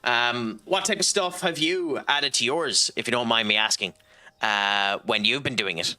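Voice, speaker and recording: A man's voice: mid-range voice, normal speed, bright, forceful tone. An Irish man streaming a game, talking casually and rambling with lots of ums and restarts while he chats with his viewers. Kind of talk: casual gameplay commentary and chat reading.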